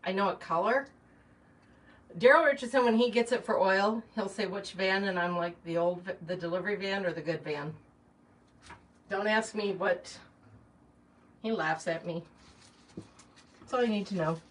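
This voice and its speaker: A woman's voice: medium pitch, normal speed, pauses often. A middle-aged woman chatting casually while she arranges flowers, rambling with lots of fillers and asides. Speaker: shop owner hosting a live chat. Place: small shop or home workspace, indoors. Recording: distant mic, faint background noise.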